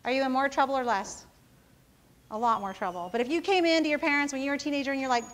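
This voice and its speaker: A company founder with a high, fast voice gives students a casual motivational talk. She tells self-mocking stories and keeps checking in with the audience, often asking "right?"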